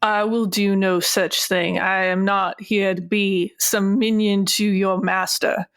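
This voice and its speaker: A woman's voice: mid-range voice, level tone, slow pace, clear, resonant tone, dry recording, low-quality recording. A woman playing a stern, defiant female patient, speaking in a curt, cold way.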